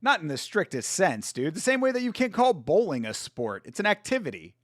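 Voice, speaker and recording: A man's voice: high-pitched, big pitch swings, fairly quick, dry recording. Chatty, giggly male streamer, dry close mic. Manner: laughs a lot and keeps apologizing; chatty, swears casually. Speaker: livestream host. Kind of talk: casual live-stream chat, reading viewer comments.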